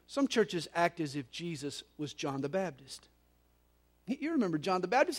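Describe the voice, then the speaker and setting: A man preaching a sermon as pastor, moving between soft, low stretches and loud, emphatic ones, with occasional repeated words. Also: sing-song, normal speed. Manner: preaching with wide swings in loudness, from soft to emphatic.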